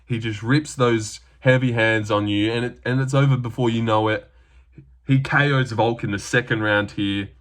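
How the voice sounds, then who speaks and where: A man's voice: mid-range voice, steady tone, normal speed, a bit bright. A young Australian man talking casually through his fight predictions, rambling with lots of fillers.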